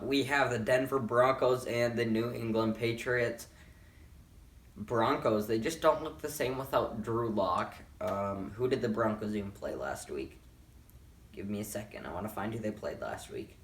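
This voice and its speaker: A man's voice: medium pitch, normal speed, fairly bright tone. Man, tired, yawning, rambling, casual football picks, echoey room, distant mic. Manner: tired, offhand, rambling with self-corrections. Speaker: sports picks vlogger. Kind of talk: casual picks and predictions talk. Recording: roomy, mic a bit far off.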